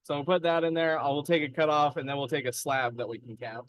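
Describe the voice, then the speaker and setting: A man's voice: a little high, fairly even intonation, fast, no room sound, rough recording. A man running a rock saw in an indoor workshop, explaining the equipment step by step in an easygoing way. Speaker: lapidary saw operator. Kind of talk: casual hands-on demonstration.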